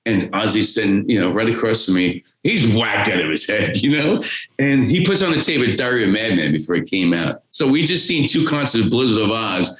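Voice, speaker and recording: A man's voice: lowish voice, expressive, fairly quick, a bit bright. A man, telling a rambling, profane story as a podcast guest. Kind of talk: casual storytelling. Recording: roomy echo.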